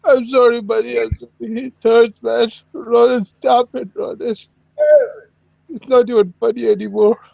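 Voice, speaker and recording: Man doing a whiny, gravelly, high sad-sack voice, very slow and plaintive. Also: level tone, no echo, narrow, tinny audio, heavily acted. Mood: apologetic. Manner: plaintive, repeats words, addresses others as buddy. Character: whiny, self-pitying hairy man character.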